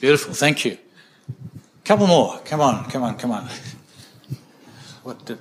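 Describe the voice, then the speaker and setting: A man leads a church Bible discussion, briskly calling on people by name. His voice sits at a middle pitch. Faint noise runs under the recording. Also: big pitch swings. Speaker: church group leader. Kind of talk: leading a group Bible discussion. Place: church hall with a group.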